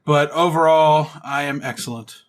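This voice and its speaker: A man's voice: fairly high pitch, fairly even intonation, normal speed. A man co-hosting a comedy podcast, jokey, telling stories in a loose way. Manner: jokey, storytelling. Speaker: podcast co-host. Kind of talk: casual comedic podcast chat.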